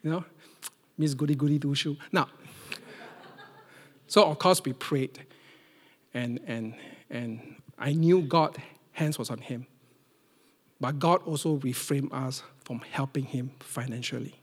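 A middle-aged man from Singapore, preaching a sermon. He tells stories with big swings from loud emphasis to near-whispers. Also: mid-range voice, slow pace, long pauses, husky, big-room sound. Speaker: pastor.

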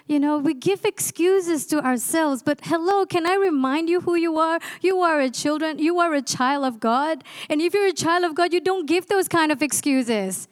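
A woman's voice: high voice, normal speed, hardly any pauses. A woman in her forties preaching a sermon, passionate and exhorting, asking the congregation rhetorical questions. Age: 40s. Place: church.

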